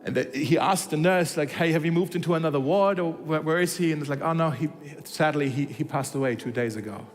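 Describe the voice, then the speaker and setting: A man's voice: on the high side, brisk, big-room sound, soft background music. A man preaching a sermon, telling a story and acting out its dialogue, with frequent restarts. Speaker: pastor. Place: church hall.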